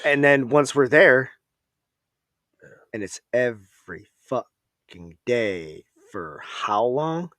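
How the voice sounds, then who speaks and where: A man from Minnesota, an Army veteran guest on a podcast, telling stories in a casual, profane and animated way. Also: medium pitch, slow, long pauses, no echo.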